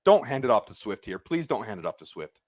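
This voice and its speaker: A man whose voice sits on the low side, with big pitch swings and a fast pace, runs a live sports watch party. He reacts to each play in an agitated rant and hollers angrily at the officials.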